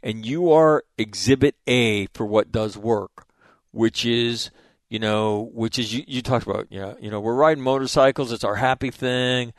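A man hosting a casual conversation, telling stories in an animated, profane way. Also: medium pitch, moderate pace, dry recording, studio quality.

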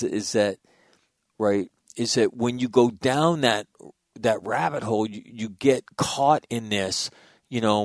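A man's voice: lowish voice, no room sound, studio quality. A man hosting a talk radio show, speaking bluntly and emphatically, with swearing and frequent restarts. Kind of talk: casual talk radio commentary.

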